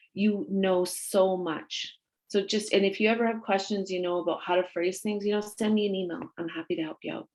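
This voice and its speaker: A woman's voice: mid-range voice, darkish tone, rough recording. A woman gender studies professor on a webinar panel, giving earnest advice to students with frequent fillers, heard over a video call. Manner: earnest, advising, many fillers. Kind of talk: panel discussion.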